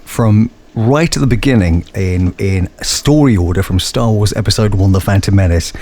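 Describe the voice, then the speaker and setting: A man's voice: lowish voice, normal speed, mellow. Enthusiastic man in an interview. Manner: enthusiastic, self-mocking. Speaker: voice actor and guest. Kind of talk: animated interview chat.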